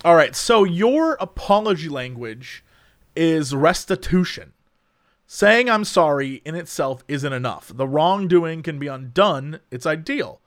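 A man's voice: on the high side, lively intonation, measured pace, no room sound, clean studio sound. A young man hosting a casual chat, reading quiz questions aloud and joking about the answers, with some swearing. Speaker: host.

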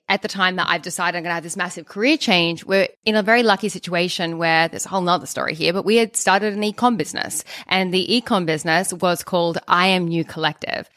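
Woman podcaster, thirties, low-ish voice, dry close mic, animated telling. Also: no room sound. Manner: animated, fast, many restarts. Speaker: podcast co-host. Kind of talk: storytelling podcast chat.

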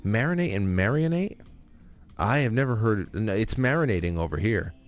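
A man with a Northeastern US accent hosts a casual talk show in a somewhat low voice. He rambles and reads listener comments aloud with offhand asides. Faint music plays underneath. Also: expressive, moderate pace. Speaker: podcast host.

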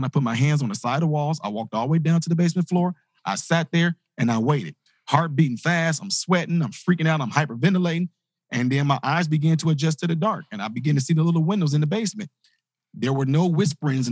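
A man, a motivational speaker, telling a personal story in an animated way and acting out the voices of the people in it. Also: a little high, breathy edge, no room sound, clean studio sound. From grew up in inner-city projects. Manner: animated, acts out quoted voices. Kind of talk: storytelling talk.

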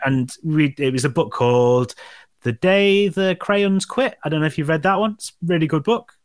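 A man hosting a casual podcast chat, relaxed, leading the segments and asking the others questions. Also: a little high, moderate pace, no room sound, clean studio sound. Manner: relaxed, steers the show. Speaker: podcast host.

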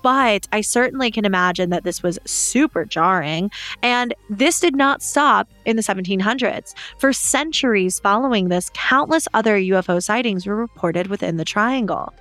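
A young woman co-hosting a podcast who walks through a story with earnest enthusiasm, in an easy conversational tone. Her voice sits at a middle pitch, and the close, dry recording has no room sound. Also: moderate pace, a bit bright, no room sound, soft background music. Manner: earnest, enthusiastic, leads the topic. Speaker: podcast co-host. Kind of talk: casual chat and storytelling.

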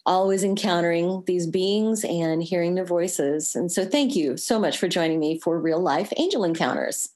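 A woman's voice: lowish voice, moderate pace, few pauses, a little mellow. A woman hosting a radio call-in show, effusive and encouraging as she welcomes and thanks her callers. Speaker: host.

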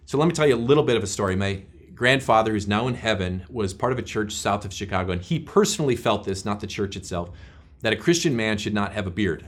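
A man's voice: lowish voice, animated, fast, soft background music. A male pastor teaching a short devotional in an earnest, conversational way, with prayers.

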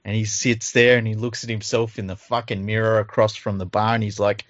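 A man's voice: on the low side, little pitch movement, fairly quick, dry recording. A man with an Australian accent co-hosting a rugby league podcast, in casual banter that rambles and swears freely. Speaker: podcast co-host. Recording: dull lo-fi audio.

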